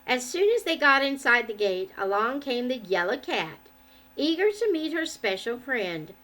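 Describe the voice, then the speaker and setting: A woman reading a children's book aloud in an expressive, measured way. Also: fairly high pitch. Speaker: storyteller.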